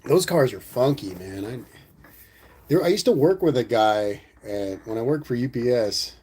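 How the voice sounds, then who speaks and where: A man's voice: medium pitch, animated, normal speed, a little mellow, husky. A man hosting a casual livestream, reading viewer comments aloud and answering in a laid-back, rambling way. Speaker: livestream host reading chat.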